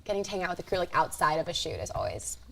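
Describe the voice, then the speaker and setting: A woman's voice: lowish voice, very animated, very fast, vocal fry, pushed and bright, a little hiss or hum. A young woman with an American accent, a student producer who chats casually and fills her sentences with "like". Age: young adult. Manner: rambling with lots of "like". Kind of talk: casual chat.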